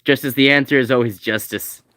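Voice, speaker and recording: A man's voice: mid-range voice, steady tone, fairly bright tone, no echo. Dry-voiced man chatting over a game. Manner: rambling, reads game text aloud fast. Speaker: game streamer. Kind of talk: casual gameplay commentary.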